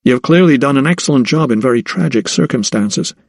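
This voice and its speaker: A man voicing an earnest gentleman doctor who speaks in formal, courteous period diction. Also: medium pitch, expressive, brisk, creaky, dry recording, studio quality.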